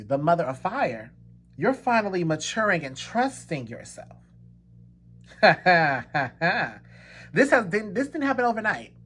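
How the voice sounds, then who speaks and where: A man's voice: on the high side, a bit bright, slightly rough. A man giving a pick-a-card tarot reading to his viewers, talking emphatically and repeating his points to reassure them, with bursts of laughter. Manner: emphatic and repetitive, reassuring the listener; slips into laughter and exclamations. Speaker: tarot reader.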